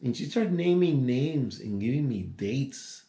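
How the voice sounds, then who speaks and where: An older man in his sixties tells a story from his own life. His voice is gravelly and creaky. He wanders through asides and restarts, and the room around him echoes noticeably. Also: medium pitch, animated, a little slow, dark tone. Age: 60s. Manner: rambling, digressive, many restarts and asides. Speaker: vlogger telling a personal story. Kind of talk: casual storytelling.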